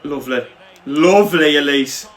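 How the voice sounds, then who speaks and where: A young man hosting a video game let's-play, excitable and given to loud celebratory shouts. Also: a little high, normal speed, echoey room. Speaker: gaming channel host. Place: home room.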